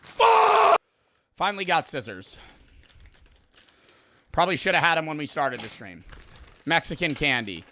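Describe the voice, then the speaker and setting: A young man on a livestream swears through a rambling, exasperated running commentary. His bright, forceful voice sits a little high and swings widely in pitch. He keeps reacting to the lingering heat of spicy food. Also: big pitch swings, normal speed, long pauses. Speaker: streamer. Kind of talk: casual livestream chat.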